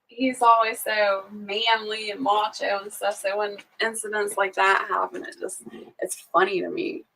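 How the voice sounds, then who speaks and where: A woman's voice: medium pitch, flat delivery, a little slow, vocal fry, bright, forceful tone, far from the mic, poor audio. A woman hosting a casual morning livestream, chatting easily, laughing often and greeting viewers by name. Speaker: livestream host. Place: at home on a small farm.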